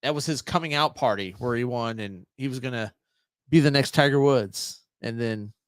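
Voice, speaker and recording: A man co-hosting a casual podcast, making dry, deadpan jokes while chatting about sports. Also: medium pitch, moderate pace, dry recording. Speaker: podcast co-host. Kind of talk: casual chat.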